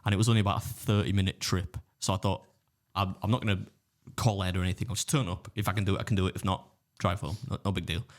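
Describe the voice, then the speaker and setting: A man's voice: deep voice, fairly even intonation, rapid-fire. An English man telling a rambling story in a casual podcast chat, with frequent restarts. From England. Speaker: guest, food challenge YouTuber.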